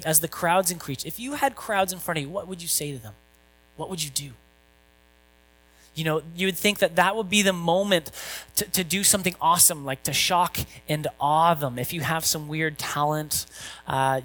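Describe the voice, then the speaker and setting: A man's voice: a little high, fairly bright tone, poor audio. A male pastor giving a conversational sermon, asking rhetorical questions and reading scripture.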